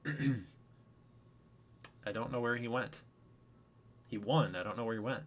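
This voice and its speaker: A man's voice: medium pitch, unhurried. A man casually hosting a baseball video game franchise livestream, chatting with viewers by name. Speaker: host of a franchise stream.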